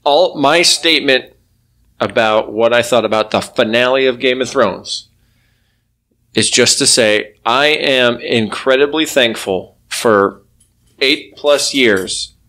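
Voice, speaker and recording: A man's voice: mid-range voice, slow pace, sharp tone. A man co-hosting a podcast in casual chat, giving easygoing, agreeable answers. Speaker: podcast co-host.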